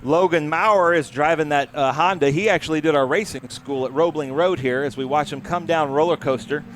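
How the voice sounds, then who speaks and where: A man with a high voice calls a race live, chatty and admiring as he points out the cars. Engine noise and trackside ambience sit clearly behind him in the mix. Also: a little fast. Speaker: race commentator. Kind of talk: live motorsport commentary. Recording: noisy trackside with engine sound.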